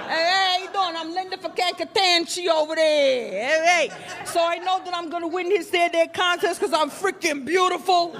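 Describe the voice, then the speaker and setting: A woman playing a brash, boastful New Jersey pageant contestant with a New Jersey accent. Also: extremely high pitch. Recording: live club crowd laughter.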